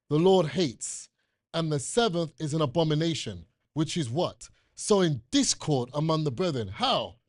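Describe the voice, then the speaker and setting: British elder preaching, lively rising and falling delivery, dry close sound. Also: male voice, a little high, no room sound. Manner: animated, emphatic scripture reading. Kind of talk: sermon.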